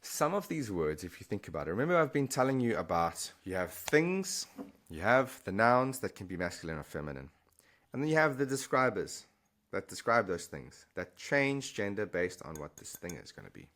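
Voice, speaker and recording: A man teaching vocabulary to camera, chatty and encouraging, often pausing to check in with the learner. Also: on the low side, big pitch swings, a bit bright. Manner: chatty, encouraging, repeats and restarts while explaining. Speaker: Spanish teacher.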